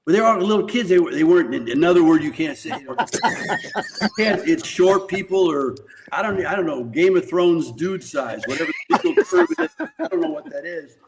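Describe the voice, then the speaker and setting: A man's voice: on the high side, sing-song, brisk, background noise. An older man, a podcast guest, telling rambling, profane anecdotes in casual conversation and laughing often. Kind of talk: casual storytelling.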